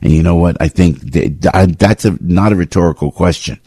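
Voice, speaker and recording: A man's voice: low-pitched, normal speed, warm tone, breathy edge, no room sound, studio quality. A man hosting a radio talk show, delivering a fired-up political commentary monologue and repeating his phrases as he rants.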